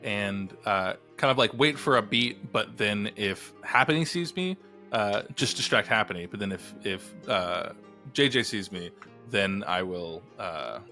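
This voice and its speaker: Man, tabletop player, low, hesitant, thinking aloud, soft music. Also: lively intonation, unhurried. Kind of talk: casual tabletop play.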